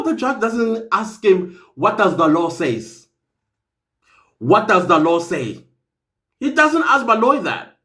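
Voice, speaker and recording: A man's voice: high voice, fairly bright tone. A South African man giving opinionated commentary in an emphatic, incredulous way.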